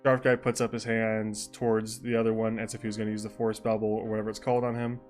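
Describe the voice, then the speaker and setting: A man's voice: fairly low pitch, flat delivery, fast, faint music behind. A young man live-streaming, reading out a role-play story and breaking off into rambling asides about his chat. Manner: rambling asides, mixes narration with chat comments.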